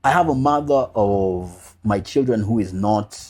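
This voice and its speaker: A man's voice: fairly low pitch, unhurried, a little mellow. A man speaking as a podcast guest, telling his story as a father in a heartfelt way, repeating key phrases and mixing casual slang with earnest reflection. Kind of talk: personal storytelling in a podcast interview.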